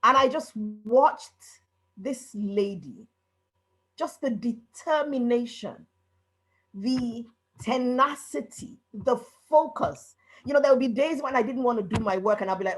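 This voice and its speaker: A woman speaking on a video call, giving an emotional tribute to an old friend, repeating herself in quick bursts. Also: a little high, expressive, husky, rough recording. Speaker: friend of the author.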